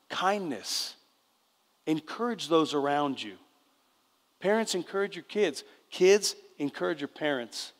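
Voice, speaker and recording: Older guy preaching, keeps asking the crowd to agree, kinda high voice, big echoey church sound. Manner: conversational, often checks in with the congregation. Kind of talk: sermon. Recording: long reverb of a church hall.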